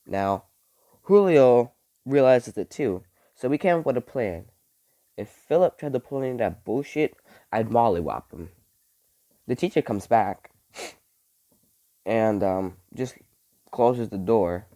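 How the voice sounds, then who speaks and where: A young man tells a story to his camera in a loose, casual way. His pitch swings up and down a lot as he talks. He swears freely and fills his sentences with "like". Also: unhurried, pauses often. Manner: animated, swears, heavy use of "like". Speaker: vlogger.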